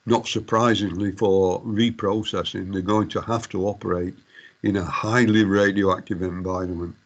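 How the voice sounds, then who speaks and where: A man's voice: low voice, little pitch movement, normal speed, lo-fi sound. A middle-aged man giving a university lecture, formal but hesitant, full of fillers and restarts. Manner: addresses students formally as ladies and gentlemen.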